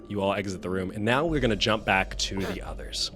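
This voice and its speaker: A man running a tabletop game as game master, with measured, descriptive narration. His voice is slightly low and notably bright. Light music runs quietly behind him. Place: online stream.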